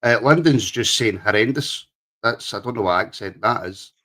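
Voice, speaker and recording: A man's voice: medium pitch, moderate pace, pushed and bright. A man co-hosting a podcast, chatting casually, laughing often and reading out viewer comments. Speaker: podcast co-host. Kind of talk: casual chat.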